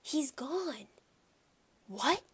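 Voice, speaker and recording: A worried nine-year-old boy in a children's storybook, as a woman reading aloud puts him on, his voice pitched noticeably higher than a grown-up's. He speaks urgently, sometimes in a whisper and sometimes calling out loudly. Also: a little slow.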